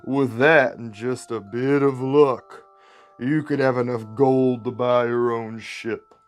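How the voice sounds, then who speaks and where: A man's voice: mid-range voice, steady tone, faint music behind, natural voice. A man putting on a drawling catfish boss. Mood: coaxing. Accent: Mississippi Southern drawl. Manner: slow, smooth, coaxing menace. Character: large sly male catfish crime boss.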